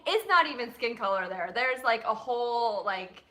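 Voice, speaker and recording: A woman's voice: on the high side, very animated, normal speed, bright, forceful tone. A woman from California in her thirties hosting a casual live chat, bubbly and laughing often, filling her talk with "like". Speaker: host. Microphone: phone.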